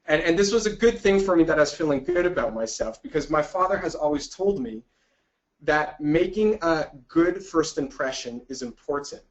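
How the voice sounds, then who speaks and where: A man, presenting a webinar and telling a personal story in an animated way, acting out his own reactions. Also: on the high side, moderate pace. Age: 30s. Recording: dull lo-fi webinar audio.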